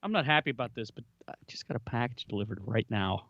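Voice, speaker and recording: A man's voice: medium pitch, expressive, fast talker, a bit bright, no echo, dull audio. A man co-hosting a podcast over a remote call, chatting casually with dry, wry humor. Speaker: podcast co-host.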